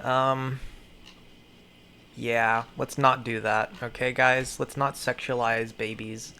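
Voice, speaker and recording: A woman's voice: a bass voice, level tone, takes it slowly, sharp tone, a little hiss or hum. A woman giving casual commentary in a profane, rambling, exasperated way. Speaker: video creator.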